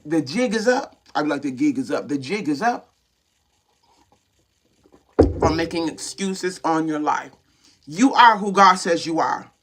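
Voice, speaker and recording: A man's voice: high-pitched, a bit bright. A man preaching a sermon with fervor, repeatedly calling out to his listeners. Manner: fervent, repetitive exhortations with call-outs to listeners.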